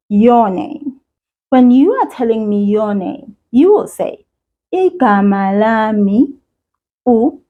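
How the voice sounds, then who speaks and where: A woman's voice: on the high side, phone-quality sound. A woman with a South African accent teaching a beginner language lesson for children, speaking in a patient, encouraging way.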